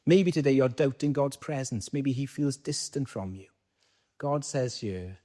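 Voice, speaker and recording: A man's voice: on the high side, moderate pace, mellow. Welsh man preaching a conversational sermon. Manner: conversational, asks the congregation questions and answers them.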